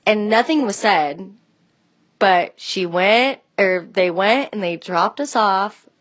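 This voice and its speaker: A woman's voice: medium pitch, slow, fairly bright tone, low-quality recording. A woman telling a personal story about a friend in a rambling, hesitant way, with many restarts. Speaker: friend sharing memories.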